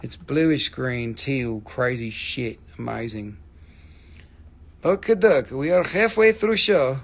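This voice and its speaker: A man's voice: medium pitch, slow. A man hosting a live rock sale stream, joking and swearing as he goes. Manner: joking, profane, animated. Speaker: livestream rock seller. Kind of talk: live sales stream, casual chat.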